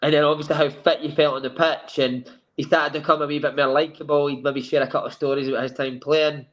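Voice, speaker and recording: Scottish man telling lively stories. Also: on the high side, quick pace, highs cut off. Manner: lively storyteller who acts out quoted dialogue. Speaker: former footballer guest. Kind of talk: anecdotal storytelling on a sofa chat show.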